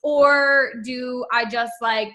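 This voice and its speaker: A woman's voice: high voice, steady tone, slow pace, sharp tone. A woman host in casual interview chat, talking in a chatty way with lots of filler words.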